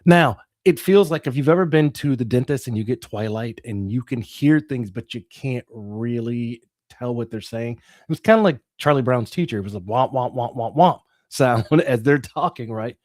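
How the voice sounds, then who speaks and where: A man's voice: medium pitch, moderate pace, hardly any pauses, a little mellow, no room sound, studio quality. A middle-aged man, an interview guest, telling a dramatic personal story with the odd laugh.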